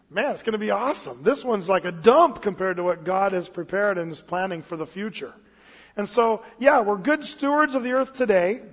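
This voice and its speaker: A fairly high-voiced man preaching in an easy, chatty way, slowing down whenever he reads scripture aloud. His voice carries a long hall reverb, and the recording sounds slightly muffled. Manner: casual, storytelling, reads scripture slowly. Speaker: pastor. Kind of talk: expository sermon.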